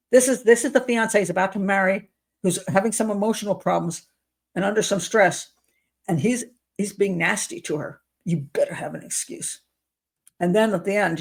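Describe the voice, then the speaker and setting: A woman giving commentary as a criminal profiler, sarcastic and incredulous as she talks. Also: mid-range voice.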